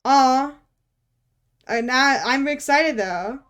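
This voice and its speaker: Speaking a little slowly in a mid-range voice, a woman draws on a live stream. She keeps the talk casual, teases herself, drops swear words offhandedly and laughs often.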